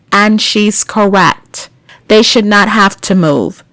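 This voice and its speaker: A woman's voice: mid-range voice, a little slow, a bit bright, no room sound. A woman runs her own news commentary podcast and reads out each story. She breaks in with blunt, indignant remarks aimed at her listeners. Her voice is in an ordinary middle register, recorded dry and close with no room sound. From United States. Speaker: podcast host.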